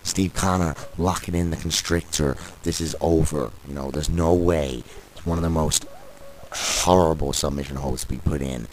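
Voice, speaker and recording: Very deep-voiced excitable male commentator. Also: moderate pace, a little hiss or hum. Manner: opinionated, excitable, biased toward one wrestler, mock-fearful outbursts. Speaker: wrestling commentator. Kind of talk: play-by-play commentary of a video game wrestling show. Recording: music playing behind.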